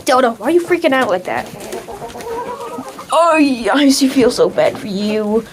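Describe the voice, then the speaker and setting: A woman's voice: fairly high pitch, animated, measured pace. A woman chatting playfully to her backyard chickens in baby talk, outdoors in a coop. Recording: noisy coop with clucking hens. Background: chickens clucking.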